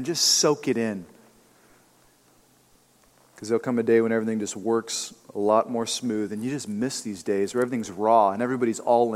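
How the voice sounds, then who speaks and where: A pastor preaching a sermon in a conversational, emphatic style with casual asides. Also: male voice, medium pitch. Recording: long reverb of a church hall.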